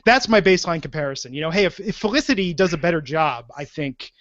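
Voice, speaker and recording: A man hosting a podcast in casual chat, with a jokey, animated way of making asides. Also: fairly high pitch, fast talker, no echo. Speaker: podcast host. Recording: dull, dry lo-fi podcast audio.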